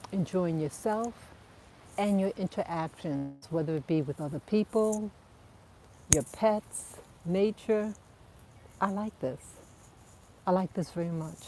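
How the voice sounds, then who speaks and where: Slow, low-voiced woman chatting outdoors. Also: a little hiss or hum. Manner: relaxed, reflective, chatty, with soft laughs. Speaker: vlogger walking her dogs. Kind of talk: casual outdoor vlog chat. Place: outdoors in a park. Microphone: clip-on mic, wind audible.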